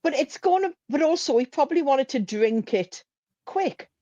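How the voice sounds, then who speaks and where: Casting: woman, live-stream co-host, relaxed chatty talk, slightly higher voice, dry and a little dull sound. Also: normal speed, dry recording. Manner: chatty, laughs easily, reads chat aloud. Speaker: livestream co-host. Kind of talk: casual chat.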